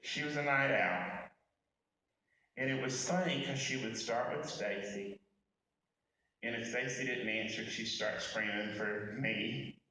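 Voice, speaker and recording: A man's voice: medium pitch, measured pace, long pauses, pushed and bright. A man giving a personal eulogy, telling candid and humorous stories and speaking straight to the mourners at a memorial service. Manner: folksy and candid, addressing the crowd directly. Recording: echoey room from far off.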